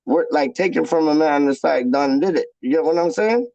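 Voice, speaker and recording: Slangy man a gravelly voice. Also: fairly high pitch, fairly quick, no room sound, lo-fi sound. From London, England. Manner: slangy, repeats "dog" and "man" at line ends; rambling, animated. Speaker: YouTube channel host. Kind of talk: casual live chat with viewers.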